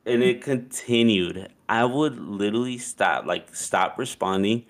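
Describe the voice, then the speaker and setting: Gravelly deep-voiced man telling a story. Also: measured pace. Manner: loose and profane, heavy use of "like". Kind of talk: casual chat, storytelling.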